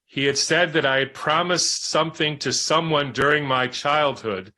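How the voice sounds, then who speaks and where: A man reading a book aloud in a measured, reflective way, pausing for spoken asides. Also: on the high side, bright, forceful tone. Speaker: reader and commentator.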